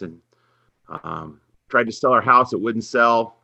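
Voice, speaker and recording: A man's voice: lowish voice, a little slow, creaky, no room sound, lo-fi sound. A middle-aged man, a basketball coach, telling a personal faith story in an earnest podcast interview. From Minnesota. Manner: earnest, faith-centered storytelling, animated when quoting others. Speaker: head women's basketball coach, guest.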